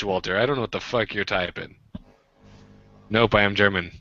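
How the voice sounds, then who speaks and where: A man's voice: on the low side, moderate pace, sharp tone, no room sound, highs cut off. A man from the United States hosting a livestream, joking and rambling in casual group chat. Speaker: livestream host.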